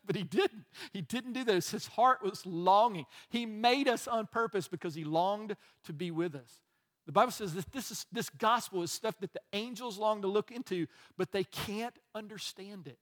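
A middle-aged pastor delivers a sermon in a high voice. He talks in an easy, conversational way, with chuckles and quick asides to his congregation. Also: a bit bright.

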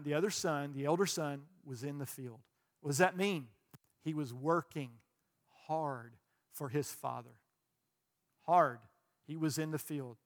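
A man preaching a sermon, stressing words loudly, then dropping quiet, and repeating phrases for emphasis. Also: a little high. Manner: emphatic, swings between loud stresses and quiet asides. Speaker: pastor.

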